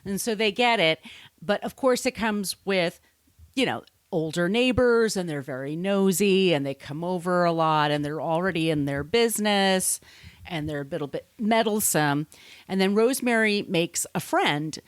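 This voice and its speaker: A woman with a fairly low voice chats casually as a podcast co-host, retelling a story and dropping into quoted character lines. The sound is dry and close, with no room around it. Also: expressive, normal speed, clear, resonant tone, no echo. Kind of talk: casual chat.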